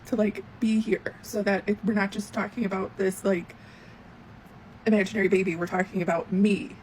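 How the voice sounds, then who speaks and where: A woman in her forties who hosts her own show, reading aloud from an old notebook and reflecting on it in a halting way, with many fillers. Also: mid-range voice, flat delivery, darkish tone, a little hiss or hum, rough recording. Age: 40s. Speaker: host.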